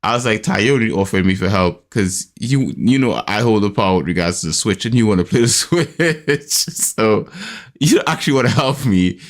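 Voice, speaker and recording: Man, gravelly, lively storyteller. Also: normal speed. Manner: animated storytelling, acts out his son's high voice; hesitant, many restarts and fillers. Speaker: podcast host. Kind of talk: casual chat.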